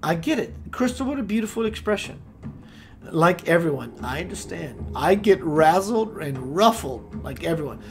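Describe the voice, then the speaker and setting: A man hosting a spiritual radio show, preaching with playful rhymes and sudden swings between loud and hushed. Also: fairly high pitch, big pitch swings, normal speed, faint music behind. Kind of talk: impassioned spiritual talk.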